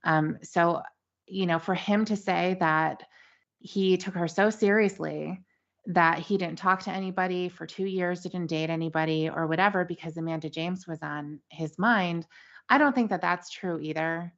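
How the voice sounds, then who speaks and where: A woman's voice: lowish voice, fairly even intonation, moderate pace. A woman co-hosting a casual podcast, thoughtfully speculating with many fillers. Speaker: podcast co-host. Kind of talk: casual chat. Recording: dull lo-fi sound.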